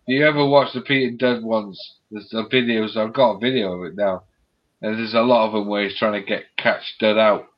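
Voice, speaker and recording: A man's voice: lowish voice, fairly even intonation, a little fast. A man chatting on a live stream, retelling comedy sketches with laughter and plenty of swearing. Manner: laughing storyteller, acts out quotes, swears freely. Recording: dull lo-fi stream audio.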